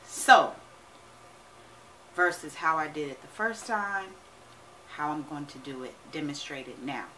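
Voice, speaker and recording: A woman who works as a money and wealth coach talks casually to her viewers, energetic and emphatic, often checking in with "right?". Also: low voice, unhurried, a little hiss or hum, low-quality recording. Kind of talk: casual vlog talk to camera.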